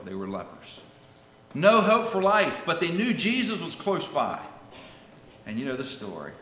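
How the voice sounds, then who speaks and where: A man delivers a sermon with lively, rising and falling pitch, pushing some lines out loud and dropping others to a hush. He reads scripture in old-fashioned wording. His bright voice rings in a roomy hall with a long reverb tail. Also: a little hiss or hum. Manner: dramatic, swings between loud calls and hushed lines. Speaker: preacher.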